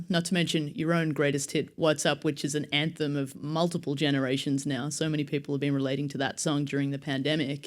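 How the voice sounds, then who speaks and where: A man hosting an interview. He speaks effusively and asks long, winding questions. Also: on the high side. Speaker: interview host.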